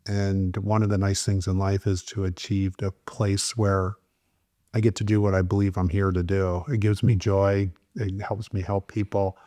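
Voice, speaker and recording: A man's voice: low-pitched, level tone, moderate pace, dark tone, no echo. A man in his late fifties being interviewed, speaking in a reflective, earnest way with frequent "like". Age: 50s. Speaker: guest. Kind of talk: casual interview talk.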